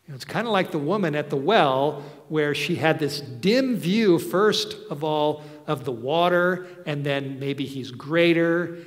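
Man, preacher, earnest sermon, slow pace, echoing church hall. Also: fairly high pitch, expressive. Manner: slow, earnest storytelling with soft asides. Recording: long hall reverb.

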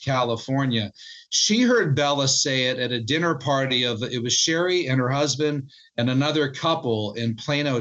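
A man's voice: mid-range voice, fairly bright tone, rough recording. A man, a book co-author, telling his research story in an interview in an earnest way, often restarting and repeating words.

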